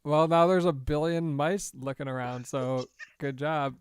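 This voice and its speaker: A man's voice: fairly high pitch, fairly even intonation, a little slow, a little hiss or hum. A man playing a tabletop game, joking in character. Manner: joking, laughing. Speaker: player.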